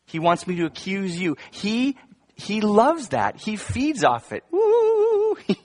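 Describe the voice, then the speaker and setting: A man's voice: high voice, very animated, measured pace. A male pastor preaching a sermon to his congregation in a conversational way, with humorous asides and emphatic bursts. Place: church before a congregation.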